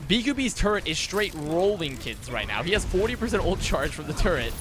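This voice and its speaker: A young man giving a casual esports match breakdown, talking fast and excitably, with frequent swearing and restarts. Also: on the high side. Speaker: esports analyst.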